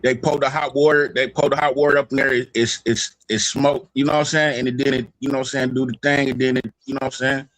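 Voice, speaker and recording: A man's voice: medium pitch, level tone, quick pace, few pauses, a bit bright, dry recording, poor audio. A man in a casual panel chat, rambling and repeating fillers as he searches for words.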